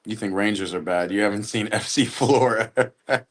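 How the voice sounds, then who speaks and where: A young man with a fairly low voice riffs through a football watch party, tossing out slang and jokes. His talk is loose and animated, like chatting with friends on the couch. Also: moderate pace. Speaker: sports watch-party host. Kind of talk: casual live reaction commentary.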